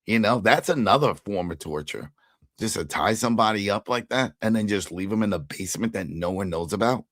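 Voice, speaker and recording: A low-voiced man recaps a TV episode in casual chat. He keeps acting out what the characters said. The sound is dry and close, with no room around it. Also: a little fast, no echo. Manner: animated retelling, acting out characters' lines. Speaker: podcast co-host.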